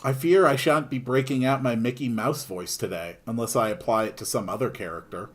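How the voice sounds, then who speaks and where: A man's voice: mid-range voice, a little fast, slightly rough. A man giving wry, self-deprecating commentary while playing through a story game. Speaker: streamer. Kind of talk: gaming playthrough commentary.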